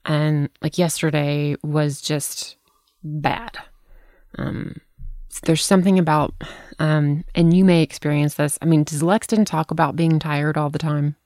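A woman's voice: sits low, fairly even intonation, a little slow, a little mellow, no room sound, studio quality. A middle-aged woman hosting a podcast, talking frankly in casual chat, swearing freely as she tells stories. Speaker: podcast host.

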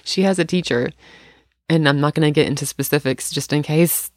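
A middle-aged woman co-hosting a casual chat, telling animated stories and laughing often. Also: low voice, fairly quick, no room sound, clean studio sound.

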